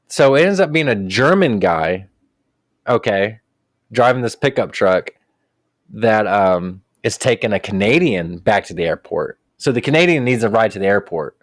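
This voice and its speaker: A man's voice: fairly low pitch, normal speed, no echo, studio quality. Profane young man telling a wild story. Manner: profane, animated retelling with quoted voices. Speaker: podcast co-host. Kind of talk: casual storytelling.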